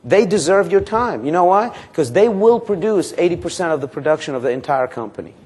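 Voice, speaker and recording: A man's voice: a little fast, slightly rough. A man leading a live sales training seminar, quizzing his audience and acting out sample calls to customers and banks. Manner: energetic, quizzes the audience with questions; acts out sample phone calls and pitches.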